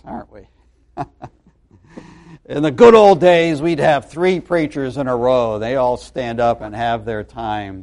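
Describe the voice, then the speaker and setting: A middle-aged male pastor delivering a sermon, his pitch a little high and swinging widely as he tells a story. He talks conversationally, breaking off with fillers and starting sentences over. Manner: storytelling, animated, with many fillers and restarts.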